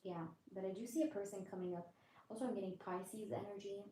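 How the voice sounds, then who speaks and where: A woman giving a live tarot reading, talking straight to her viewers in a chatty, reassuring way and keeping her voice low late at night. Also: steady tone, fast talker, warm tone. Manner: keeps voice low, drops to a whisper at times. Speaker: tarot reader. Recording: roomy echo, faint background noise.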